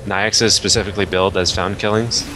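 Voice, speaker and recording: Deep, fast-talking, bright-voiced man analyzing a game. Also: steady tone, background noise. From Canada. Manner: analytical, casual, many fillers like I mean and like. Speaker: esports color commentator.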